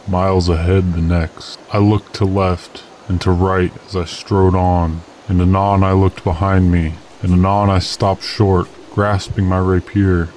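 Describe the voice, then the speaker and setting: A man reading an old adventure tale aloud as first-person narrator, in a measured, steady manner. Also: sits low, slight background noise, rough recording.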